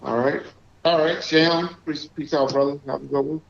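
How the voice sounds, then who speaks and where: Man, livestream host, casual shout-outs, voice a touch high, muffled lo-fi sound. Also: normal speed, vocal fry. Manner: relaxed, reads out viewer shout-outs. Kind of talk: casual live-stream chat. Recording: echoey, dull lo-fi stream audio.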